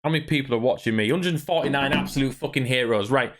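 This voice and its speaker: This is a profane, irritated gaming rant from a man streaming to his chat. He speaks fast in a mid-range voice that's a bit bright, cursing as he complains.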